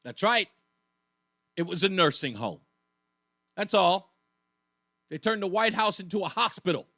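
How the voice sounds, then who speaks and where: A man's voice: high voice, expressive, measured pace, pushed and bright, no room sound, studio quality. A man hosting a talk radio show, delivering a combative, sarcastic political monologue in a punchy, mocking manner.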